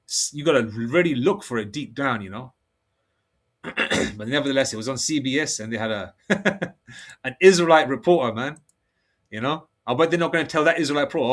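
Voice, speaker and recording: A man preaching in a rambling, excitable monologue, with many restarts and slow read-aloud scripture passages. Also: mid-range voice. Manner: reads scripture slowly, aloud; excitable, heated outbursts. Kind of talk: solo religious monologue.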